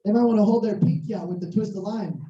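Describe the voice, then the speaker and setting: Hoarse preacher telling an animated story. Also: fast. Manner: animated, acting out dialogue with big pitch jumps. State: hoarse, voice worn out. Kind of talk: storytelling sermon. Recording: roomy, distant, dull sound.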